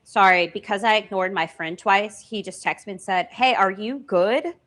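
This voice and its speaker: A woman co-hosting a fan podcast live stream, chatting casually and excitably and calling her viewers "y'all". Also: medium pitch, normal speed. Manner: excitable, laughs often, talks to viewers as "y'all". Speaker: podcast co-host.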